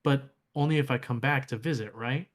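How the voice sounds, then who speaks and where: A man's voice: mid-range voice, fairly quick, lightly acted. A man voicing a small, curious robot companion in an earnest, questioning way while reading lore.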